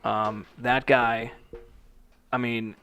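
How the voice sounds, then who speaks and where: A young man co-hosting a podcast in easy, profane casual chat. He tells stories with animated put-on quotes and laughs often. His voice sits at an ordinary middle pitch. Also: extremely slow. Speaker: podcast co-host.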